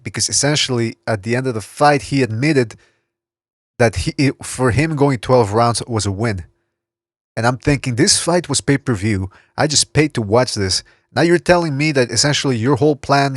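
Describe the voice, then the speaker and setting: A man hosting a boxing podcast in casual chat, blunt and quick to swear and laugh. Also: mid-range voice, dry recording, studio quality. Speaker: podcast host.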